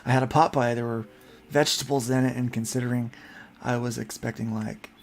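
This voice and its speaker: A man hosting a casual chat, telling rambling, animated stories full of restarts. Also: mid-range voice, brisk, gravelly. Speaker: podcast host.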